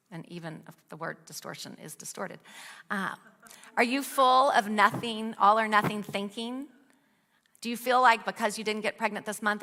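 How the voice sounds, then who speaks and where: Bright-voiced woman teaching in a hall. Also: medium pitch. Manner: earnest, asks a string of rhetorical questions. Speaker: speaker at a women's ministry. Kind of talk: devotional teaching with scripture reading. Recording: long hall reverb.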